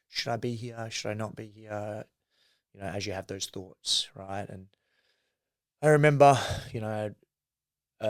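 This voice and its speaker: A man's voice: fairly low pitch, fairly bright tone, dry recording. A young man in an interview, telling his life story candidly and earnestly, swearing freely and using lots of fillers. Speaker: guest, mindset coach.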